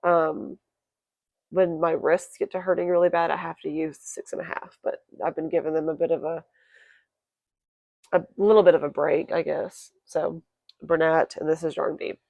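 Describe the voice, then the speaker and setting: A woman crochet vlogger chatting casually to her viewers, quick and self-correcting, her voice croaky today. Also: sits low, steady tone, darkish tone, no echo. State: croaky, clearing throat. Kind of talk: casual chat to camera.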